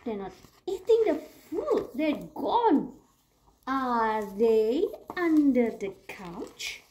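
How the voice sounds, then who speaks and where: A young woman reading a children's picture book aloud at story time, playful and animated, with gasps and giggles. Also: high-pitched, drawn-out words.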